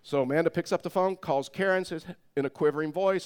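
Middle-aged male pastor, animated storyteller, slightly high voice. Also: fast, clean tone. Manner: animated storyteller, laughs through the tale. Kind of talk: sermon storytelling.

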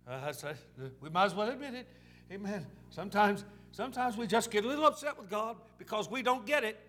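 A man's voice: high voice, animated, a little fast, fairly bright tone. A male pastor preaching a sermon in a folksy, repetitive storytelling way, dropping in "amen"s.

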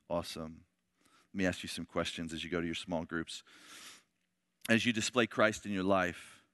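Male pastor, impassioned sermon, forceful bright voice, dry close sound. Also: lowish voice, no echo. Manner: impassioned, swings from shouting to hushed. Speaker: pastor leading a men's Bible study.

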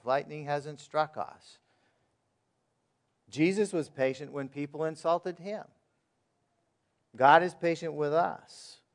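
Man preaching in a conversational way. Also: on the high side. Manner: conversational preaching with rhetorical questions. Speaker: pastor. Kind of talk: sermon.

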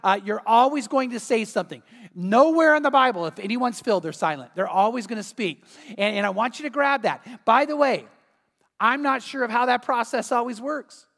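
Pastor, earnest conversational sermon, mid-pitched voice with a long hall echo. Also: lively intonation, moderate pace, a bit bright. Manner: earnest, conversational preaching with rhetorical questions.

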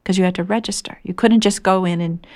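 Woman guest, low and gravelly, storyteller who slips into breathy hushed bits. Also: steady tone, quick pace. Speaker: radio show guest. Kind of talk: storytelling on a call-in show.

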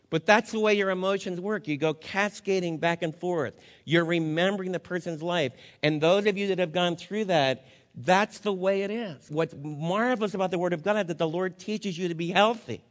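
A man's voice: high-pitched, normal speed. Earnest male pastor in an echoing hall. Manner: conversational, earnest, speaks straight to the congregation. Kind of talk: funeral sermon. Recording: long reverb of a hall.

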